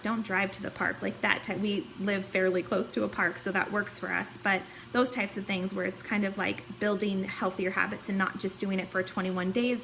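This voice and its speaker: A woman's voice: medium pitch, a bit bright, a little hiss or hum, rough recording. A woman in her thirties giving a candid, chatty personal testimonial about a fitness challenge, at times tearful and emotional. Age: 30s. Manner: candid, chatty, many fillers.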